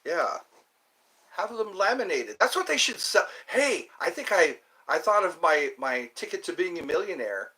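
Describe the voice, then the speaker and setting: A man's voice: high voice, sing-song, normal speed, sharp tone. A man streaming live, rambling and joking as he chats with his viewers. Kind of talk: casual live-stream chat.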